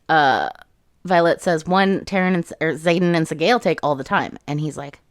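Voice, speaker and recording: A woman with a slightly low voice talks through a fantasy novel chapter by chapter. She tosses in sarcastic asides and briefly acts out the characters' lines. The sound is dry, with no room echo. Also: normal speed. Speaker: book reviewer. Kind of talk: casual chapter-by-chapter book recap.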